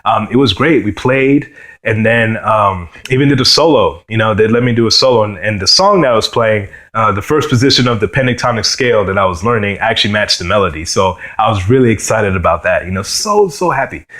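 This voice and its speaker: A young man from New York sharing his personal testimony as a guitarist, earnest and halting, often saying "you know" and "man.". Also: lowish voice, lively intonation, fairly bright tone. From New York, USA.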